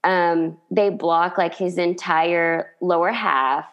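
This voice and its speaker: Woman chatting about a tv scene, lively, acts out the lines. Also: on the low side, slow pace, highs cut off. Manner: animated retelling, acts out quotes, laughs often. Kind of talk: casual chat.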